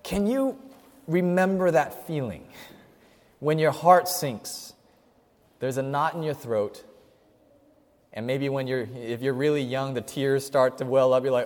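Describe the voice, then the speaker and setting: A male pastor with a fairly high voice preaches to his congregation, often putting questions to them. His delivery moves from ringing emphasis down to near-hushed asides. The sound carries a long hall echo from the church. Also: lively intonation, measured pace. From Chinese family. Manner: asks the audience questions, swings between loud and hushed. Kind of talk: sermon. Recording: hall reverb.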